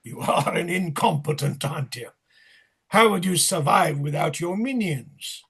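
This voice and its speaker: A man playing a husky, mocking clown. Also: on the high side, lively intonation, measured pace, a bit bright, heavily acted. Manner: curt, mocking, bossy. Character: sardonic, domineering male clown interrogator. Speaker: actor in rehearsal. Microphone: video call.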